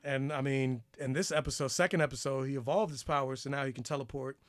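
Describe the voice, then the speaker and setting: A man's voice: medium pitch, fairly even intonation, fast talker, a bit bright, no room sound, clean studio sound. Rambling man in casual review chat. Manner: rambling, restarts sentences, casual swearing. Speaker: podcast co-host.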